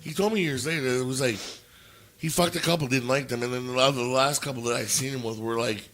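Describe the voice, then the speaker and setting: A man's voice: medium pitch, quick pace, fairly bright tone. A man co-hosting a podcast, telling a story in blunt, profane casual chat and quoting what people said. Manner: profane, blunt, quotes people in his stories. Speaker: podcast co-host.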